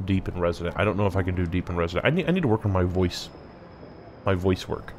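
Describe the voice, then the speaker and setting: A man's voice: low-pitched, animated, fast talker, a little mellow, slight background noise. A man hosting a let's play, thinking aloud and reading game text as he plays. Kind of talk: casual gameplay commentary.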